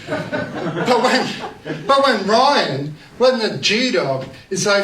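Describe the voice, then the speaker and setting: A man's voice: high voice, lively intonation, normal speed, background noise. A man performing a rambling, crude stand-up comedy set on a club stage, full of self-mocking punchlines. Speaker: stand-up comic. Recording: echoey club, distant mic, crowd laughter. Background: laughing audience.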